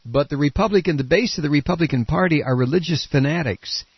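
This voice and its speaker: Gravelly, combative radio host, man. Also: a little high, fast talker, dry recording. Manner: blunt, combative, rambling with restarts. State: coughing, congested. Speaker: radio talk show host. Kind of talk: political talk radio. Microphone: studio microphone. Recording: dull lo-fi radio broadcast.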